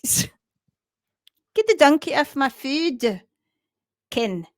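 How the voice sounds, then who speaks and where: A woman's voice: sits high, very animated, very slow, no echo, studio quality, exaggerated voice. A woman voicing an indignant male Shetland pony who grumbles about his food, in an attempted Scottish accent.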